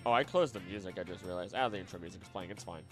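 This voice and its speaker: A man chatting casually on a live stream, animated and talking to himself and his pet. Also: low voice, rapid-fire, faint music behind. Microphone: desk microphone.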